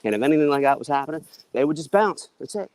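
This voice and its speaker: A man's voice: a little high, lively intonation, very fast, darkish tone. A man hosting a stream, chatting casually with friends, joking and swearing and laughing often. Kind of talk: casual group chat on a stream.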